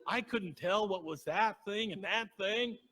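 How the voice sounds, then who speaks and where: Bright, high-voiced man preaching conversationally. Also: measured pace. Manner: storytelling, acts out quoted voices, asks the congregation. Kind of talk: conversational sermon. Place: church sanctuary.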